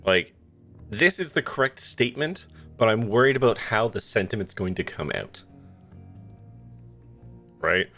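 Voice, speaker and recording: Low-voiced, animated swearing game streamer. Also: male voice, measured pace, long pauses, faint music behind. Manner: profane, laughing, animated rants. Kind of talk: casual let's-play commentary.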